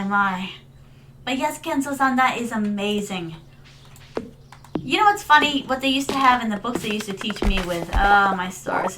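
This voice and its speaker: A woman's voice: on the high side, low-quality recording. A woman streaming a video game, chatting casually with viewers, dropping in Japanese words and calling them "my darling". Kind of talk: casual live-stream gameplay chat. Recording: steady background noise.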